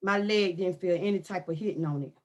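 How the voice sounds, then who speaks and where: A woman, ranting loudly and comically in casual talk, often shouting. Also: fairly low pitch, fairly quick, highs cut off. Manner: loud animated ranting with frequent shouting. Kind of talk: casual comic rant to camera.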